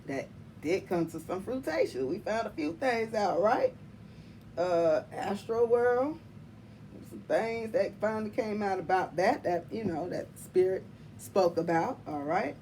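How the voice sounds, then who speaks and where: A woman hosting her tarot channel, chatting casually to viewers in an animated, emphatic way, laughing often and calling them y'all and honey. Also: mid-range voice, slight background noise. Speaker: tarot reader and channel host.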